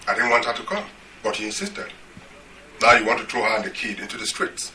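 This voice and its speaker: An actor playing a mild-mannered husband, calmly reasoning and gently deflecting. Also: male voice, medium pitch, fast talker, slight background noise, exaggerated voice, low-quality recording.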